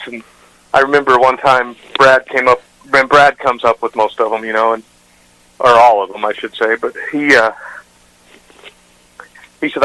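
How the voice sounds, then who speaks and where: Bright-voiced man telling radio anecdotes. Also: mid-range voice, poor audio. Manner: rambling anecdotes with frequent restarts and fillers. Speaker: radio show host, guest. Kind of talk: casual interview storytelling.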